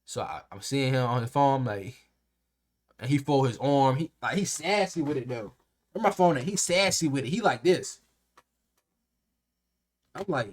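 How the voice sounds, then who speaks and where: A young man casually telling a workplace story to camera, animated and slangy, acting out the people in it. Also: mid-range voice, moderate pace, long pauses, slight background noise. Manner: animated, slangy and profane, acts out quotes.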